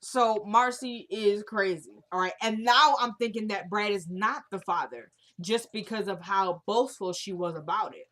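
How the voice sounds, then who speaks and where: Woman, casual episode recap, chatty, quotes characters, mid pitch. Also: moderate pace, few pauses. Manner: retells scenes quoting characters, animated.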